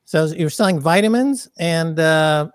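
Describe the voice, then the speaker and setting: Brief: male guest, high voice, dry close sound, fiery and profane, loves a good rant. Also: moderate pace, smooth, dry recording. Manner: animated, profane, ranting delivery. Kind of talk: casual podcast chat.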